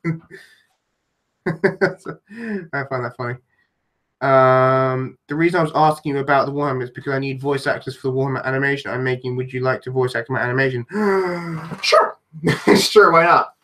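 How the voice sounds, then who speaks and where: A man's voice: medium pitch, fairly even intonation, fairly quick, pauses often, a bit bright. A man with a London accent chatting casually on a live stream, answering viewers and rambling, with lots of restarts and self-deprecating asides. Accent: London English. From London, England. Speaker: livestreamer answering chat.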